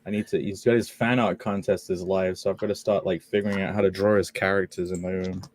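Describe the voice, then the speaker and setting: A man's voice: deep voice, little pitch movement, fast, darkish tone, no echo. A young man hosting a casual livestream, reading chat messages aloud and laughing often. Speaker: livestream host.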